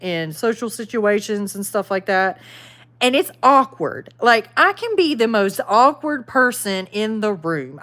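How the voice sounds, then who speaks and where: A woman's voice: medium pitch, a bit bright. A Southern woman chatting loosely with her viewers on a livestream. She is easygoing and self-deprecating, laughs a lot and drops plenty of y'all. She talks like she is among friends. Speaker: channel host reading live chat. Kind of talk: casual livestream chat.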